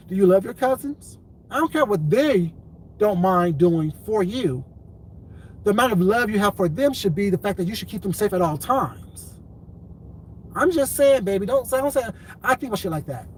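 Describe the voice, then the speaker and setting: High-pitched man ranting into the camera. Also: expressive, moderate pace, a little hiss or hum, low-quality recording. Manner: profane, repetitive, confrontational. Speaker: commentary vlogger. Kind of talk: ranting commentary vlog.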